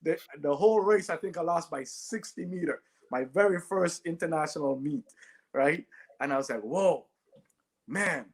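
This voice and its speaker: A man's voice: a little high, moderate pace. A man, a guest telling stories in an interview and often adding "right?". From Jamaica. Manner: animated, often adds "right?". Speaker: guest, former Olympic sprinter. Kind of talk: storytelling in a podcast interview.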